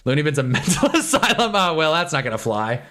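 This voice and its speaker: A man's voice: on the high side, very animated, fast talker, pushed and bright, soft background music. A young man in his twenties from Southern California, chatting casually on a live stream, rambling and joking with frequent laughs.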